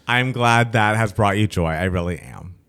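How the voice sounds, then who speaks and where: A man's voice: lowish voice, a little slow, a bit bright. A man co-hosting a podcast in casual chat, talking with enthusiasm as he reminisces like a fan. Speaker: podcast co-host.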